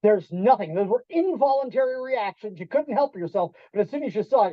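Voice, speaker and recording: A man giving a storytelling talk to an audience in a restaurant event room, animated, acting out quoted voices and quizzing the listeners. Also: high-pitched, a little fast, no room sound. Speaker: keynote speaker. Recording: dull lo-fi dry sound.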